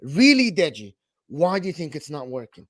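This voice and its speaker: A man's voice: a little high, very animated, moderate pace, no room sound. Pushy man pressing a question. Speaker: football fan panelist. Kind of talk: heated fan debate.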